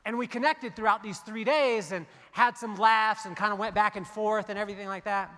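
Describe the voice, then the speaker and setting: High, bright-voiced man giving a keynote. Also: fairly even intonation, a little fast. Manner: storytelling, joking with the audience. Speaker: keynote speaker. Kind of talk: motivational keynote speech. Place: large hall on stage. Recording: long hall reverb.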